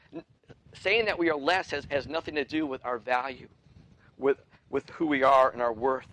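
A man's voice: fairly high pitch, fairly bright tone, slight background noise, low-quality recording. A middle-aged man preaching a sermon as pastor, earnest, with repeated phrases and frequent restarts.

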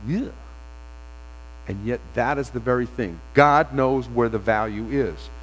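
A man pastor giving a sermon, telling a story in a conversational way with pauses. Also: mid-range voice, fairly bright tone. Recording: long reverb of a large hall.

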